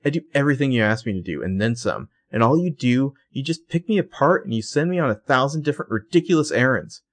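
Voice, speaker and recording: A defiant young woman assistant, fed up and talking back to her boss, as a man acts her out while recapping, with a lively, up-and-down delivery. She sounds firm and sick of being pushed around. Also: medium pitch, fast talker, voice pushed up, natural voice.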